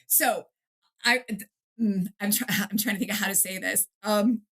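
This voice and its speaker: Animated woman author telling stories. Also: medium pitch, normal speed, breathy edge. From Detroit area, USA. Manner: animated storyteller, acts out quotes, laughs often. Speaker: author and guest. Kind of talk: casual interview chat.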